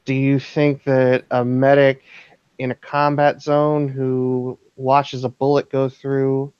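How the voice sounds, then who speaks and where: Dude doing a chill veteran werewolf lady, slow and steady, kinda muffled dry sound. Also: mid-range voice, clean tone, no echo, close to an everyday voice. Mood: calm. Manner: calm, patient, reassuring. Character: calm, seasoned female werewolf mentor. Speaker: game master. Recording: dull dry lo-fi recording.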